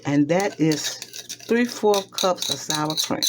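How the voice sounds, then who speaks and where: A woman's voice: deep voice, lively intonation, takes it slowly, heavy background noise. A woman, chatting with her viewers as she demonstrates a recipe in her home kitchen and repeats each step as she goes. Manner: chatty, talks straight to viewers, repeats steps. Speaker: home cooking vlogger. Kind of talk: casual cooking demonstration. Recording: clattering dishes and utensils nearby.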